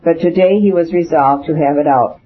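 A man narrating a classic novel in a measured, even reading. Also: fairly high pitch, slightly rough. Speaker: audiobook narrator. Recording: dull lo-fi audiobook recording.

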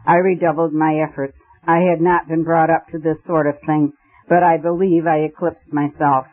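Brief: male audiobook narrator, slightly high voice, muffled lo-fi recording. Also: flat delivery, moderate pace. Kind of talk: first-person audiobook narration. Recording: dull lo-fi recording.

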